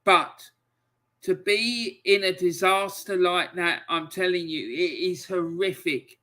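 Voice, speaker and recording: A man's voice: high voice, takes it slowly, bright, forceful tone. A man hosting a football livestream, ranting angrily and emotionally, swearing and reading out chat messages. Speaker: football channel host.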